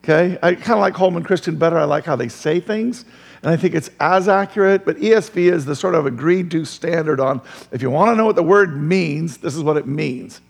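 A male pastor preaching a sermon in a church, lively, throwing questions to the crowd and chuckling often. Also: on the high side, a little fast, creaky, long reverb tail.

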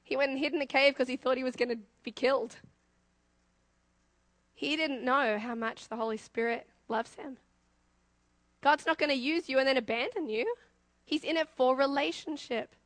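A young woman with an Australian accent preaching a sermon, asking her congregation lively questions as she goes. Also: sits high, moderate pace, long pauses, no echo.

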